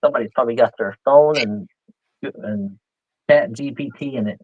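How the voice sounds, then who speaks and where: A man's voice: medium pitch, moderate pace, dry recording, narrow, tinny audio. Chatty man hosting a live auction. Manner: chatty, thinking aloud, joking. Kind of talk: casual live-stream selling.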